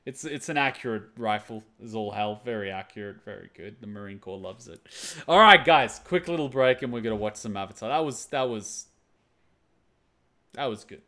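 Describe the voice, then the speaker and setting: A man's voice: fairly low pitch, normal speed, sharp tone. Man giving earnest reaction commentary. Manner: earnest, listing praise in short repeated phrases. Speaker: reaction video host.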